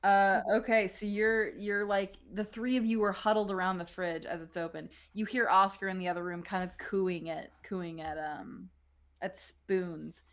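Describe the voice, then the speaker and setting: A woman's voice: mid-range voice, fairly even intonation, normal speed. A woman running a tabletop role-playing game, narrating loosely with frequent restarts and laughter. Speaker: game master.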